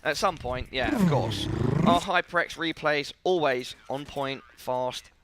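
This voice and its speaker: A man's voice: mid-range voice, lively intonation, slow, a bit bright. A young man doing playful, theatrical play-by-play commentary for an esports match.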